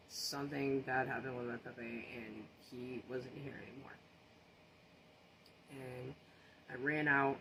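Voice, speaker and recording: Man, casual social media storyteller, earnest and rattled, mid pitch, steady background noise under the voice. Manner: earnest, shaken retelling with restarts and repeated phrases.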